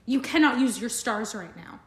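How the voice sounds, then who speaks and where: A man's voice: very high-pitched, animated, moderate pace, fairly bright tone, roomy sound. A woman mimicking an overly dramatic young male coffee-shop worker who apologizes frantically. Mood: apologetic.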